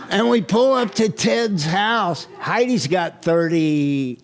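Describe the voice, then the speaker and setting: A man's voice: high voice, lively intonation, slow, hardly any pauses. A man speaking live at a recovery retreat, telling a candid personal story with self-mocking humor. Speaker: guest speaker. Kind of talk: recovery meeting share. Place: retreat hall, recorded live.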